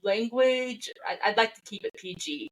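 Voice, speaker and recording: Friendly woman podcast host, higher voice. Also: normal speed, poor audio. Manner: friendly, laughs easily, asks questions. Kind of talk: casual interview.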